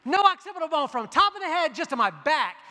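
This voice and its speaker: Quick-paced and very animated, this man's very high, sharp voice carries through a long hall reverb as he gives a motivational keynote on stage in a large hall, sharing stories and joking with the audience.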